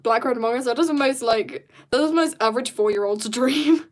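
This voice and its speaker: A woman's voice: a little high, brisk. A woman chatting casually and rambling in jokes while she draws on stream. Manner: rambling and jokey, drifts into soft mutters. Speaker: artist streamer. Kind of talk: casual chat while drawing.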